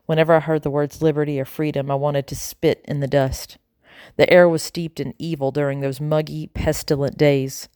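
A woman reading an audiobook in a slow, grave first-person telling. Her voice is low and mellow. The recording is close and completely dry. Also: little pitch movement, dry recording. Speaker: audiobook narrator. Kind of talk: audiobook narration.

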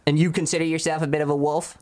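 A man's voice: on the high side, level tone, rapid-fire, darkish tone. A man hosting a comedy interview who keeps stammering and asking incredulous follow-up questions. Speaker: comedy podcast host.

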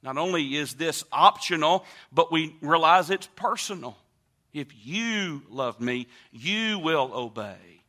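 A pastor delivers a sermon in an emphatic, repetitive preaching manner, swelling loud and dropping soft. His voice sits high for a man and has a bright, forceful edge. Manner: emphatic preaching with repetitions and wide swings in loudness.

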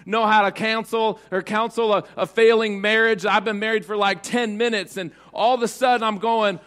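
A man's voice: sits high, steady tone, moderate pace, hardly any pauses, fairly bright tone. A young man preaching a sermon in a casual, conversational way, acting out bits of dialogue. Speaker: pastor.

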